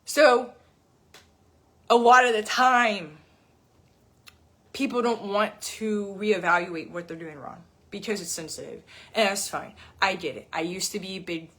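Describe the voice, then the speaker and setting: A woman's voice: medium pitch, measured pace, a bit bright. A woman fitness coach in her thirties ranting bluntly to camera, swearing often and repeating words for emphasis. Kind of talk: blunt unscripted rant to camera.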